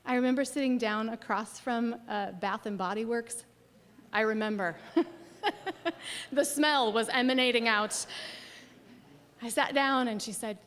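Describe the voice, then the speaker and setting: Expressive woman pastor in echoing church. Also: a little high, a little slow, long pauses, a little hiss or hum. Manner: expressive, swings from lively to soft near-whisper. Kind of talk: sermon with personal storytelling. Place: church sanctuary. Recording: long church hall reverb.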